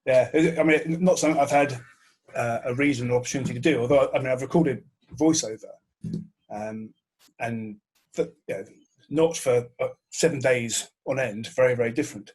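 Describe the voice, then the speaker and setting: Husky middle-aged host. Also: male voice, medium pitch, moderate pace, darkish tone. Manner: friendly, reflective, with stammered starts. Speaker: host and TV presenter. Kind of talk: casual video-call conversation. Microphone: video call.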